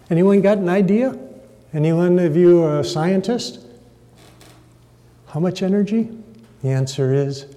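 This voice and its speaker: A man's voice: high voice, mellow. A man preaching a sermon, dramatically stressing words and polling the audience for a show of hands. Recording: echoey hall reverb.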